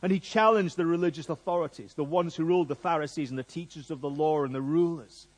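Guy giving a sermon, slightly high voice, chatty and funny. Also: quick pace. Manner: jokey, conversational, lively preaching. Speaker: preacher.

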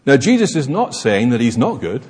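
A man's voice: mid-range voice, sing-song, moderate pace, a little mellow, slightly rough. A man preaching a sermon in an emphatic, explanatory manner, recorded in an echoey hall. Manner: emphatic, expository.

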